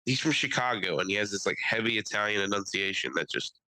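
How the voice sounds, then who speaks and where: Young Philly-area guy, podcast co-host, lively bright delivery, profane, dry close mic. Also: fast, no echo, poor audio. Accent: Philadelphia-area American. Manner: animated, swearing, mimics people in high voices. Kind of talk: casual chat.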